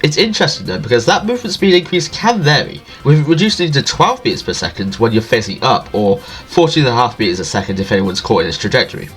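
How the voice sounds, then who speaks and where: Man, nasal and stuffed up, fast-talking jokey game-guide narrator. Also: medium pitch, lively intonation, a bit bright, soft background music. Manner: jokey and self-deprecating. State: stuffy from allergies. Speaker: video game guide creator. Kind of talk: scripted gaming guide voice-over.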